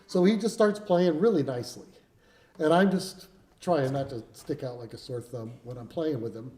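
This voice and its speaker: A man's voice: medium pitch, normal speed, dark tone. A man, a folk musician, telling a rambling, self-deprecating story on stage at a live concert, chuckling as he goes. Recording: roomy live venue sound with faint instruments.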